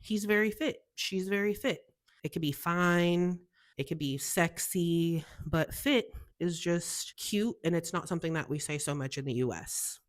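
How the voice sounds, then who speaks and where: A young woman from the US talks in a casual, gushing way on her own show. Her voice sits low for a woman, and she sounds bubbly and chatty throughout. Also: unhurried. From United States. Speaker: podcast host. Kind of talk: casual solo chat.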